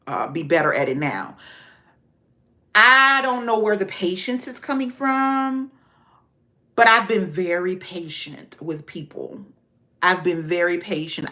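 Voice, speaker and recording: Chatty woman vlogger, bright voice. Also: low-pitched. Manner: chatty, talks to viewers by name. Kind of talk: casual livestream chat.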